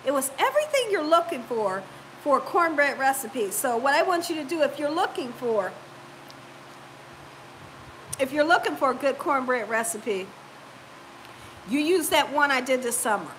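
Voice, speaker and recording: Woman, host, high bright voice, chatty and laughing, nagging cough. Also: very animated, a little hiss or hum, rough recording. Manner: chatty, warm-hearted, quick to laugh. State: lingering cough. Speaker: cooking channel host. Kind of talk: casual live-stream chat, reading viewer comments.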